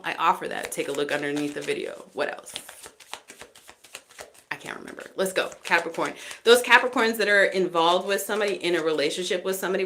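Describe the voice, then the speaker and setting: Lady doing a live tarot reading, kinda low voice, chatty, laughs a lot, jokes around. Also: gravelly, a bit bright, slight background noise. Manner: chatty, laughs often, teasing asides. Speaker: tarot reader.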